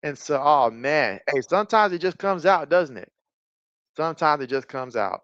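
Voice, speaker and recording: A man calls a college football game live from his desk and chats with viewers between plays, his voice sitting a little high and getting excited on the big moments. The sound is slightly muffled and lo-fi, dry and close with no room around it. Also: normal speed, dry recording. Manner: chatty, reads viewer comments aloud, bursts of excitement on plays. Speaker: sports streamer doing play-by-play and chat. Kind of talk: casual live-stream commentary.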